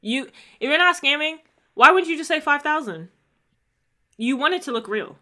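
A woman co-hosting a podcast in casual chat, sarcastic and quick to laugh, reading emails aloud in a mocking tone. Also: high-pitched, animated, pushed and bright. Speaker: podcast co-host.

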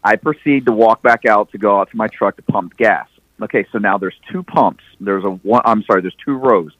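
A man's voice: fairly low pitch, a little fast, no room sound, dull audio. A man guest on a podcast telling a long story casually, profane and restarting often.

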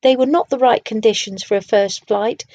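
A woman voicing a kind but brisk male companion who gently corrects a friend, in a storybook reading. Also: a little high, no echo, lo-fi sound.

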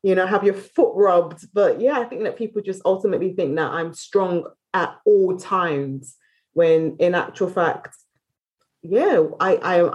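A British woman speaking as a podcast guest in a candid, casual chat, talking openly and quickly and often restarting her phrases. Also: lowish voice, highs cut off. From Britain.

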